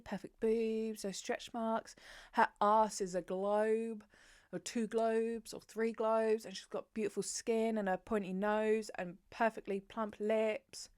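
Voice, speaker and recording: A young woman talks straight to camera about books, frank, sweary and full of bounce. Her voice sits at a middling pitch, and the sound is close and dry with no room around it. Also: dry recording. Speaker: book vlogger. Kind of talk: casual chat to camera.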